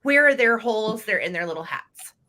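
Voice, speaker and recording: A woman's voice: fairly high pitch, expressive, fairly quick, sharp tone. A woman hosting a live vintage sale, chatty and playful, laughing often as she shows collectibles and runs the bidding.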